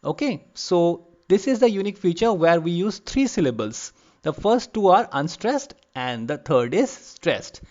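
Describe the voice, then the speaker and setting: High-voiced man giving a lecture. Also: sing-song, a little mellow, muffled recording. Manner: explanatory, repeats terms slowly for emphasis. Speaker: literature lecturer. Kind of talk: online lecture. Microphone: lavalier.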